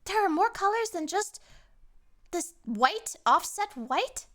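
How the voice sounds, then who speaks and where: A woman's voice: very animated, slow, a bit bright, full character voice. A woman voicing a small, wide-eyed British child who is amazed that colors exist. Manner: high squeaky pleading.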